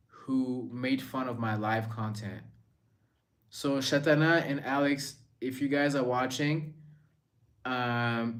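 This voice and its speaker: A man hosting a live stream in a casual, rambling way, reading out viewer comments and answering them. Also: medium pitch.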